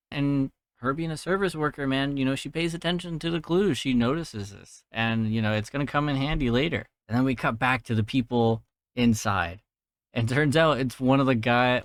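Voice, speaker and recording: A man's voice: mid-range voice, no room sound. A young man hosting a podcast, casually recapping a film's plot, swearing freely and laughing at his own jokes. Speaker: podcast host recapping a film. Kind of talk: casual solo movie recap.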